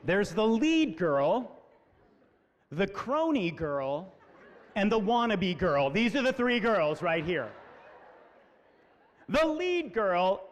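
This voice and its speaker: A man's voice: very high voice, measured pace. A man in his forties telling comic stories to students at a school assembly, acting out voices. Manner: animated, acts out voices, comic. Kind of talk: storytelling talk to students. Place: school hall. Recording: echoey hall.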